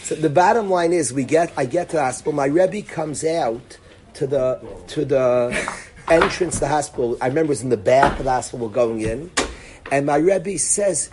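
A middle-aged man casually telling a personal story, acting out the dialogue and dropping to a hush for quoted lines. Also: a little high, normal speed, noisy background. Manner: animated, acts out dialogue, drops to near-whisper for quoted lines. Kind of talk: casual spoken anecdote.

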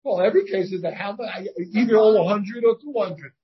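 A man with a high-pitched, somewhat husky voice leads an informal Talmud lesson. He reasons out loud, breaks off and restarts his sentences, and keeps asking his students questions. The sound is dull and lo-fi, like a plain class recording. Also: animated, fairly quick. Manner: thinks aloud, with many restarts and questions to the students. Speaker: rabbi teaching a Talmud class. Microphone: shared class recording, partly over a video call.

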